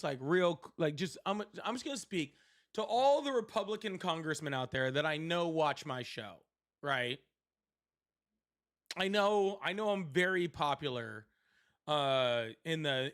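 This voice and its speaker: Seated at home, a man hosts a political livestream in a voice that's on the high side and a bit bright. His casual live-stream talk is profane, sardonic and rambling.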